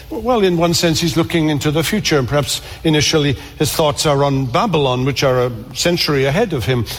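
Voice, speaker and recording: A man preaching a sermon in earnest tones, repeating words and slowing down for emphasis. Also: fairly high pitch, long reverb tail.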